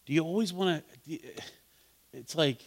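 A man leading a Bible study in an interactive sermon style. His voice sits a little higher than most. He talks casually with his listeners, asks them questions, and rises to fervent emphasis on key points. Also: normal speed, vocal fry. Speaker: pastor teaching a Bible study.

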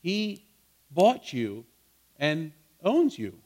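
A man's voice: fairly high pitch, wildly swooping pitch, drawn-out words, a little mellow. A man pastor preaching a sermon, earnest, repeating words and asking his listeners questions.

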